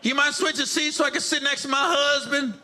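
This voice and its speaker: A man's voice: very high-pitched, fairly even intonation, fairly quick, a crowd in the background, pitched above the performer's own voice. A male comedian voicing a pushy woman passenger on a plane who insists on switching seats. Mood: pleading. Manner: insistent, repeats herself.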